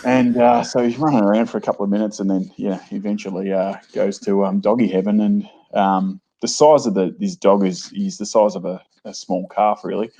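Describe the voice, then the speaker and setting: A man's voice: fairly low pitch, fairly even intonation, brisk, hardly any pauses, dark tone, slightly rough. A man, telling a rambling story in casual chat, full of "you know" and "uh", on a dull remote line. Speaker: guest.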